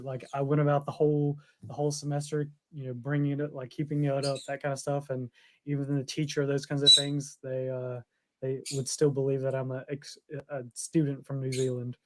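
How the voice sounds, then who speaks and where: With a mid-range voice and flat, slightly fast delivery, a male podcast co-host spins a long, rambling story in casual chat. He laughs often as he goes.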